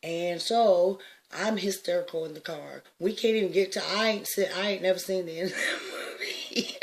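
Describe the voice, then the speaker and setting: A woman, likely in her sixties, telling a personal story with emphatic swings from hushed to loud, laughing often. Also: fairly low pitch, moderate pace.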